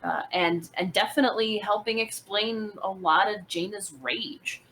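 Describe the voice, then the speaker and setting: A woman's voice: medium pitch, fairly even intonation, a little slow, a crowd in the background, poor audio. A woman guest chatting casually over a call, eager but hesitant, often restarting her sentences.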